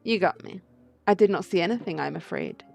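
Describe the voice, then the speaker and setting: A woman's voice: on the low side, lively intonation, brisk, vocal fry, darkish tone, faint music behind. A woman voicing a pampered young noble cat lady, prim and genteel, reading for a video game.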